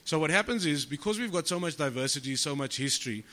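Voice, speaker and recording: Comic on a podcast, bright edgy voice, acts out his quotes. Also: on the high side, fast talker. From South Africa. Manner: animated storyteller, swears freely, acts out quotes. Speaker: comedian guest. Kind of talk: storytelling podcast chat.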